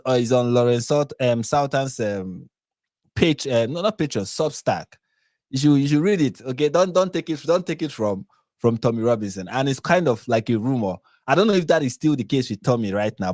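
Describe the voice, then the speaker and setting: A man with a Nigerian accent hosting a live reaction stream, chatty and quick to laugh, often restarting and correcting himself. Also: medium pitch, a little mellow, no room sound, studio quality. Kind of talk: casual live-stream commentary.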